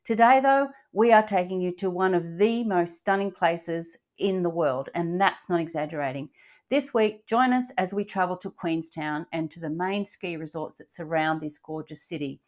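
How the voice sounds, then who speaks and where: A woman's voice: lowish voice, moderate pace. An older woman hosting a travel podcast, chatting in an upbeat way with frequent fillers and restarts. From Australia. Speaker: podcast host. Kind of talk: casual travel podcast chat.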